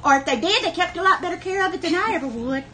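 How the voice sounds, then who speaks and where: A woman's voice: very high-pitched, lively intonation, rapid-fire, pushed and bright, slight background noise. A woman hosting a live online sale, chatting in a folksy way and greeting viewers by name. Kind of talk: livestream chat. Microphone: camera on a wobbly tripod.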